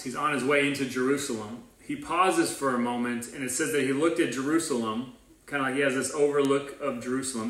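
A pastor talks through his sermon in a relaxed, chatty way, with slang and quick acted-out asides. His voice is bright and forceful. It sounds roomy and a little distant from the mic. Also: mid-range voice. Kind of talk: casual sermon.

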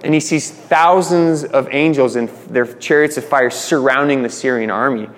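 A man's voice: medium pitch, normal speed, long reverb tail. A man preaching a sermon in a conversational way, retelling stories with voiced quotes. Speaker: pastor.

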